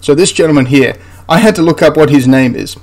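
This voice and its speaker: A man's voice: a little high, quick pace, darkish tone. A man hosting a history channel, ranting through a film critique in an exasperated, rambling way with frequent restarts.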